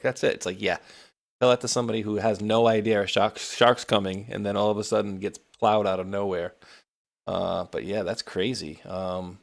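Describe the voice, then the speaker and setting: New England male podcast host, low gravelly voice, casual chatty read. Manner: laid-back, chatty, laughs often, reads news aloud. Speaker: show host.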